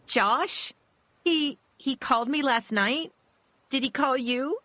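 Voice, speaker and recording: A woman's voice: slow pace, dry recording, heavily acted. A woman voicing an upset teenage girl with a Valley Girl lilt, talking hesitantly through tears. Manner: tearful, hesitant, high and bright.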